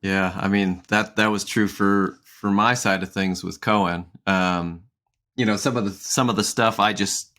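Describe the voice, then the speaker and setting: A man co-hosting a casual podcast conversation, rambling along with frequent restarts and soft laughs. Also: lowish voice, fairly even intonation, measured pace. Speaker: podcast co-host.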